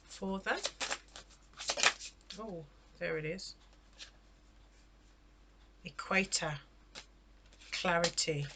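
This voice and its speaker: A woman's voice: fairly low pitch, very noisy. A woman giving a casual spoken tarot reading, chatty and exclamatory, often checking in with the listener. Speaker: tarot reader.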